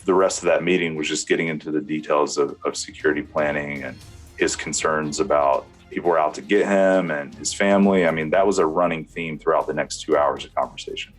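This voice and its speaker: Very deep-voiced man telling a story. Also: fairly even intonation, faint music behind. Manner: storytelling, with halting restarts. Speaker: former church security team member. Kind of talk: recounting events in an interview.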